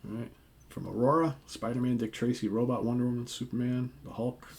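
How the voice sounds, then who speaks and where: A man's voice: medium pitch, fairly quick, gravelly, noisy background. An older man co-hosting a comic book show, casually retelling the stories and acting out the characters' lines with lots of fillers. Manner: animated storyteller, acts out dialogue with filler words.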